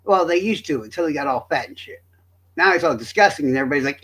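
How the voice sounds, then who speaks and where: A man's voice: on the high side, expressive, fast talker, a bit bright, slightly rough. A young man from Florida, rambling through crude, joking commentary as a streamer.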